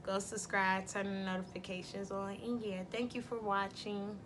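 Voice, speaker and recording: A woman's voice: medium pitch, little pitch movement, normal speed, noisy background. A young woman telling a story in a casual vlog, blunt, profane and candid, often laughing. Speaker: vlogger.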